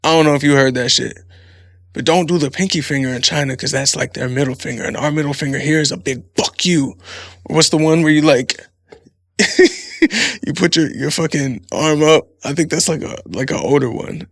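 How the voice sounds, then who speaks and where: A man's voice: on the high side, fairly quick, vocal fry, fairly bright tone, no echo, studio quality. A man hosting a podcast in a casual comedic monologue, rambling and swearing freely, laughing often. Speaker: podcast host.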